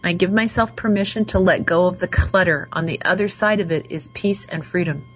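A woman hosting a call-in radio show, slowly and soothingly guiding listeners through affirmations. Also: fairly low pitch, fairly bright tone, slightly rough, rough recording. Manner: slow, soothing, guides affirmations. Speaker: radio show host and coach.

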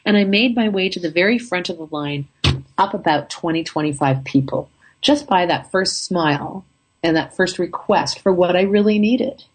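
A woman casually telling a travel story in an upbeat, chatty way, her throat a little rough. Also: on the low side, normal speed, a little hiss or hum.

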